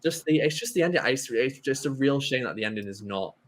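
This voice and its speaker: A man's voice: mid-range voice, expressive, a little fast. A man on a film podcast, chatting casually and rambling with many restarts. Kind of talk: casual chat.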